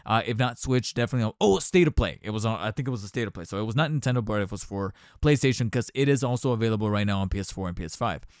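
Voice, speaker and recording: A man hosts his own podcast in a loose, rambling, candid way, often circling back and restarting his thoughts. His voice is smooth and resonant. The recording is close and dry, with no room sound. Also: fairly low pitch, lively intonation, very fast, hardly any pauses, no room sound. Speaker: podcast host. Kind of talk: casual solo podcast commentary. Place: home recording setup.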